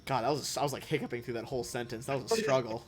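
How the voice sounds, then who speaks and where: A man's voice: medium pitch, rapid-fire. A man narrating as game master in a casual, swearing way. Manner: casual, laughing, swears freely. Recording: faint background noise.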